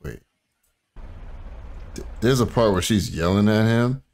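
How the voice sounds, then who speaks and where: A man's voice: low voice, a little slow, long pauses, a little mellow. A man hosting a casual reaction stream who rambles, laughs and curses while hunting through clips. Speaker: streamer host.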